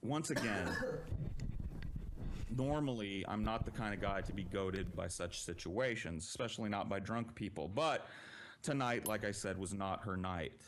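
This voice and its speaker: A man telling a long personal story on a podcast in a casual, profane and animated way. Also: on the low side, measured pace, a little hiss or hum.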